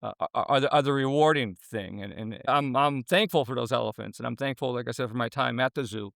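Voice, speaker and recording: A man's voice: mid-range voice, fairly quick, gravelly, fairly bright tone, no room sound, studio quality. A middle-aged man, a former zookeeper, speaking in an earnest, rambling way, with many restarts and fillers, as a guest in an interview. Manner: gets emotional when talking. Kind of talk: casual interview talk.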